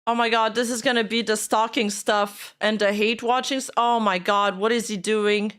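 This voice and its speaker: A woman's voice: fairly high pitch, fairly even intonation, normal speed, fairly bright tone. A woman hosting a live reaction stream, commenting with blunt, exclamatory asides.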